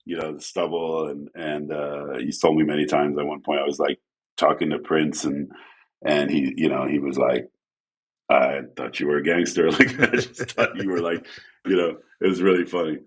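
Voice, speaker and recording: Very deep-voiced man telling stories. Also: moderate pace, husky. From France. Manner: animated, acts out quotes with shifting pitch. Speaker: guest photographer. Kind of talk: casual storytelling.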